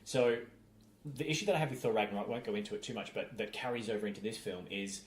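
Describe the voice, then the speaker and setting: Animated man in an echoey room. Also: lowish voice, fast. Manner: animated, acts out quotes in mocking voices. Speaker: podcast co-host. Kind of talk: casual film review chat. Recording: roomy echo with faint background hum.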